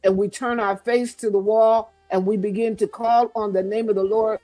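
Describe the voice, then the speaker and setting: A woman's voice: mid-range voice, fairly even intonation, normal speed, mellow, dry recording. A middle-aged woman, a guest author, speaking to mothers in a fervent, repetitive, preaching style.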